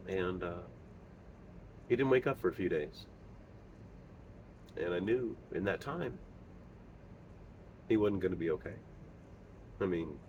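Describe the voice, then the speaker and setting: A middle-aged man talks in a lowish, unhurried voice, pausing often and filling gaps with fillers. He sounds earnest and plainspoken. A faint hiss of noise sits under the recording. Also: highs cut off. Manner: halting, earnest, many pauses and fillers. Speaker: father sharing his story. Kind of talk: personal monologue.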